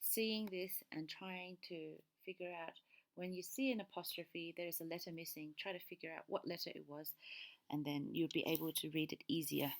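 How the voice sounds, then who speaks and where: A woman's voice: fairly low pitch, fairly even intonation, normal speed. A woman teacher giving a recorded lesson, explaining patiently step by step and checking in with a frequent "okay".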